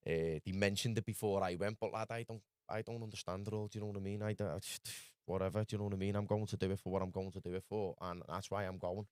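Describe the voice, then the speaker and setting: A Scouse man from Liverpool spins a loose, rambling story as a podcast guest, dropping "lad" into nearly every line. His voice sits fairly low, and the sound is dry and close. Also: fairly even intonation, fast, few pauses, a little mellow, smooth, no room sound. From Liverpool, England. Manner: rambling, full of "lad" and "do you know what I mean". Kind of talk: casual storytelling.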